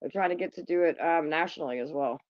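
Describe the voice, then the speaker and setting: A woman's voice: deep voice, fast talker, no echo, muffled recording. A woman hosting a casual livestream, chatting bluntly and with plenty of profanity to her viewers. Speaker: livestream host.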